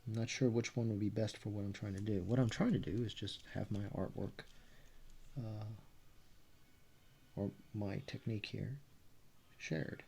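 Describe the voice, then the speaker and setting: A man's voice: on the low side, fairly even intonation, moderate pace, vocal fry, pauses often, dark tone, a little hiss or hum. A man in his forties from Texas with a Texas accent, talking casually in a meandering, self-correcting way on a vlog. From Texas, USA. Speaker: artist vlogger.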